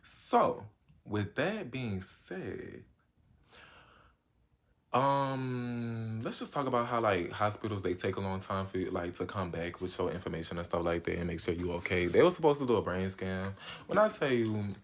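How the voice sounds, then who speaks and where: Animated young man telling a story. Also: normal speed. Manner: animated, slangy, with sudden jumps in pitch and loudness. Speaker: vlogger. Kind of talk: casual storytime chat.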